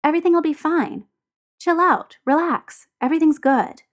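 A woman's voice: high-pitched, moderate pace, voice pushed up, lightly acted. A woman voicing a laid-back young man. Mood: easygoing. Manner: relaxed, reassuring.

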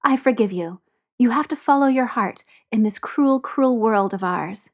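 Brash joker of a young guy, read by a woman; mocking and quick to snap. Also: a little high, natural voice. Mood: hamming it up. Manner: theatrical, mocking, then snapping. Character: brash teasing young man, hot-tempered.

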